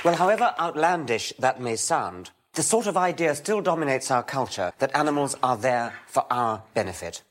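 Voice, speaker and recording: Dry, measured older male lecturer. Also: medium pitch, big pitch swings. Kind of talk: public science lecture.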